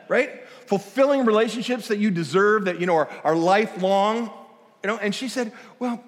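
A man giving a conversational guest sermon, animated and self-deprecating, acting out dialogue as he tells a story. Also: high-pitched, brisk, big-room sound. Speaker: guest speaker. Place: church auditorium.

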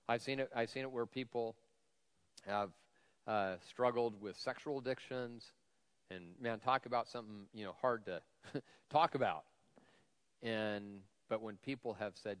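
A male lead pastor giving a conversational sermon with a slightly whiny voice, self-deprecating humor and frequent fillers. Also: mid-range voice. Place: church sanctuary. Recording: long hall reverb.

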